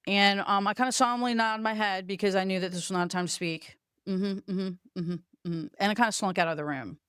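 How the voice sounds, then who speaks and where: A woman's voice: medium pitch, steady tone, quick pace, fairly bright tone, smooth, no echo, clean studio sound. A middle-aged woman hosting a podcast, telling a personal story in a blunt, profane, self-mocking way. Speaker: podcast host.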